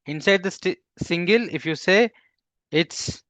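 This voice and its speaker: A man teaching a live coding class, halting with fillers and restarts, often putting questions to his students. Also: high-pitched, a bit bright, no room sound. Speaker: instructor.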